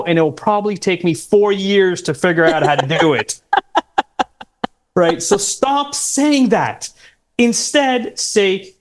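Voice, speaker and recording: A man with a fairly high voice, a career coach guest who gives step-by-step interview advice and stresses key words as he talks. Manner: emphatic, instructive, quotes interview lines. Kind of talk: advice-giving podcast talk.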